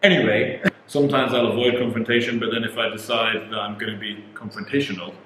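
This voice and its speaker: A man's voice: medium pitch, steady tone, fast talker, a bit bright. Young English guy, neutral accent, dry teasing co-host, in an echoey room with faint noise. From England. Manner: dry, teasing, laughs often. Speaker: co-host in a couple's video. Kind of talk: casual chat.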